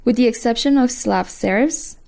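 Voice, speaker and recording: Course instructor, woman, scripted lesson narration, mellow and a bit gravelly. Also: fairly high pitch, normal speed.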